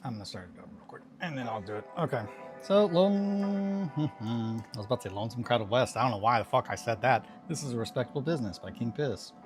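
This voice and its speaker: A man's voice: medium pitch, big pitch swings, fairly quick, over music. A man streaming a casual hobby chat, rambling and chatty, swearing casually.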